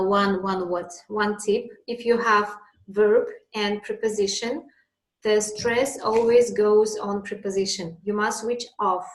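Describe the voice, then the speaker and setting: A woman's voice: mid-range voice, echoey room, poor audio. A woman teaching an English lesson, patiently explaining with examples.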